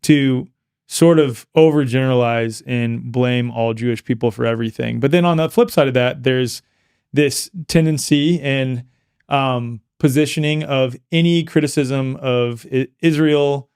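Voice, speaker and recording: Smooth-voiced male podcast host. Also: medium pitch, unhurried, a little mellow, no room sound, clean studio sound. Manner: hesitant, restarts, filler "like". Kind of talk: conversational interview.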